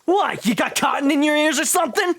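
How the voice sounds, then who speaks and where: A guy putting on a loud taunting teen thug, game role, raised pitch. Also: animated, fairly quick, exaggerated voice. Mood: hostile. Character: aggressive teenage male street thug.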